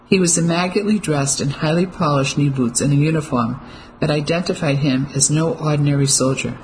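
An audiobook narrator reading a novel in a measured, steady way. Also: medium pitch, slight background noise, low-quality recording. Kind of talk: scripted narration.

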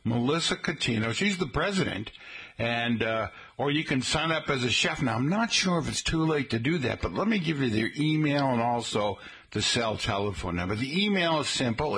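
A middle-aged man hosting a local radio show, chatting in a folksy way and slowly spelling out details for listeners. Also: medium pitch, expressive, a bit bright, breathy edge. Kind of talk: casual radio talk. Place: radio studio.

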